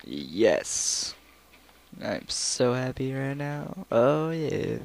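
A man's voice: mid-range voice, big pitch swings, very slow, vocal fry. A young man casually talking through his game, rambling and now and then breaking into bits of songs. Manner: rambling, breaks into song snippets. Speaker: let's player. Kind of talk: casual gameplay commentary.

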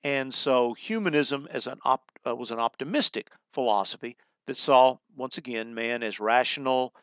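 A man's voice: mid-range voice, moderate pace, fairly bright tone, dry recording. A middle-aged man giving a recorded college humanities lecture in a conversational way, explaining terms as he goes and often restarting his phrases.

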